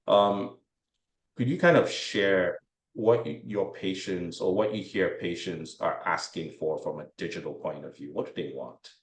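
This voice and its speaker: Deep-voiced male moderator in a roomy space. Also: unhurried. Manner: conversational, wry. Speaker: panel moderator. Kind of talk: panel discussion. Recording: roomy echo.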